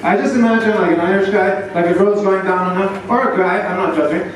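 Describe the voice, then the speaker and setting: A man's voice: high voice, fairly even intonation, fast talker, far from the mic. A man doing crude stand-up comedy on stage, laughing through his jokes. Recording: echoey club from afar, loud crowd.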